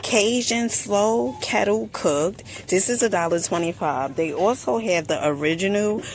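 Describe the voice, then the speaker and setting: A woman from New Jersey chatting through a store haul vlog, sassy and quick with asides, calling viewers honey. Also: medium pitch, a little hiss or hum. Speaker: shopping haul vlogger. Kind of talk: casual product review vlog. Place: inside a store.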